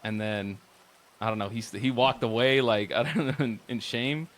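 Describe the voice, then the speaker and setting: At a moderate pace and medium pitch, a man who streams roleplay games shares a casual story about one. He curses, meanders, and uses lots of filler words.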